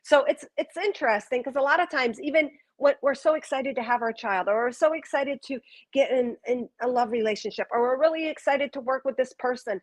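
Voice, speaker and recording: A woman giving a live oracle card reading, talking softly and wandering between thoughts with gentle excitement. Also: sits high, a little fast, poor audio. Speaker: card reader.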